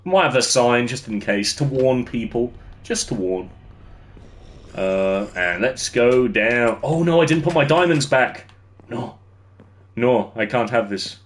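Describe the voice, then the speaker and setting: A man's voice: medium pitch, measured pace, slight background noise. A young man streaming a game, chatting with viewers while he builds and laughing easily. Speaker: livestreamer. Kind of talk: casual gameplay commentary.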